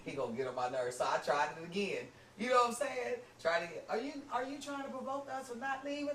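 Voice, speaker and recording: A man telling a story on a podcast, animated, laughing and acting out the quotes. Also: very high voice, fast. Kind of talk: casual storytelling. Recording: roomy, distant mic, faint noise.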